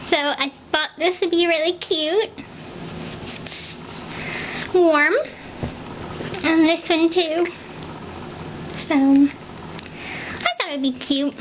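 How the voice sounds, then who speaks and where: A woman talks into her own video message from home. Her voice sits high and her pace is slow and gentle. She sounds affectionate and a little nervous, with faint background noise. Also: fairly even intonation. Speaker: person recording video messages to a partner. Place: home, indoors.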